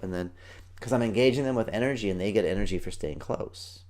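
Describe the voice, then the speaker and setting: Male podcast host, deep voice, quick and excitable, acts out little scenes. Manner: fast, excited, acts out kids' and parents' voices. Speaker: podcast host, parenting coach and martial arts teacher. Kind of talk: energetic solo podcast talk.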